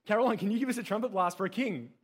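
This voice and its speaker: High-voiced Australian man teaching a group. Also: racing, husky. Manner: playful, quizzes the audience and repeats key words. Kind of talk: interactive teaching talk to a group.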